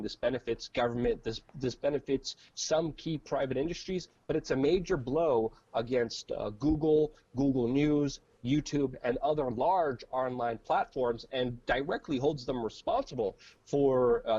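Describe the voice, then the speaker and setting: Husky man on a lo-fi stream. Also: mid-range voice, darkish tone. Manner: rambling, filler-heavy, joking. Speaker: co-host. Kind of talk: casual political commentary.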